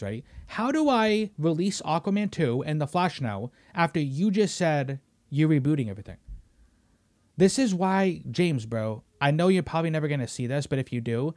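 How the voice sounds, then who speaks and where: Young man, podcast host, heated profane rant, higher-pitched voice. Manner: heated, profane, swings loud and emphatic. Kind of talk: casual ranting podcast chat. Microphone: studio microphone.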